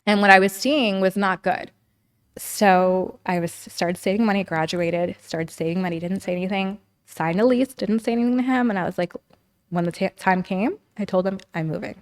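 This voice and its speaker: A woman's voice: medium pitch, fairly even intonation, normal speed. A woman guest on a podcast, telling her story candidly and at length, often saying "like" and acting out what people said. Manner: talkative, heavy use of "like", acts out quoted dialogue.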